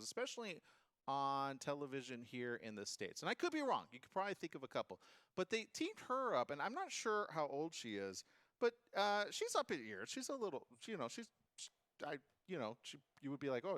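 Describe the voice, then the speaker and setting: Man, talk-show host, animated swooping delivery, dry close studio sound, jokey and chatty. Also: a little high, no echo. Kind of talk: casual talk-show chat.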